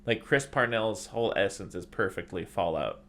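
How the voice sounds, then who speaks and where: A man's voice: lowish voice, expressive, moderate pace, a bit bright. A man hosting a podcast in casual chat, recapping at length with lots of "like" and "you know" and acting out quoted lines. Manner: acts out quoted lines in shifting voices. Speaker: podcast host.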